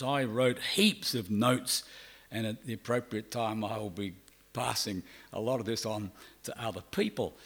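A middle-aged man with an Australian accent preaching a sermon. He shifts between loud, drawn-out emphasis and quiet, fast asides. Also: medium pitch. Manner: acts out quoted people in brief voices.

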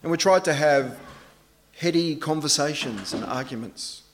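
A man's voice: fairly high pitch, normal speed, a little hiss or hum. Conversational preacher man. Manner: conversational, anecdotal, self-deprecating. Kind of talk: sermon.

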